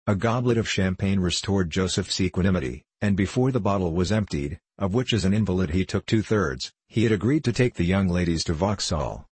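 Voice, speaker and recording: Man reading an old novel aloud, low voice, kinda husky, dry close sound. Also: expressive, fairly quick, few pauses, darkish tone, no echo. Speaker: narrator. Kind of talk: audiobook reading of a classic novel.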